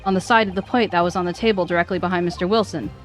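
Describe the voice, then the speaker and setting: A woman's voice: fairly low pitch, steady tone, very fast, soft background music. A woman streamer reading visual novel dialogue aloud, voicing the characters and stumbling over names.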